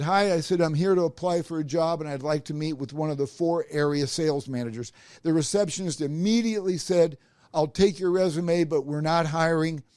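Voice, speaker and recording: In a clean studio recording with no echo, a middle-aged podcast host from Nebraska tells a personal career story. His voice is a little high, and he animatedly acts out the voices of the people he quotes.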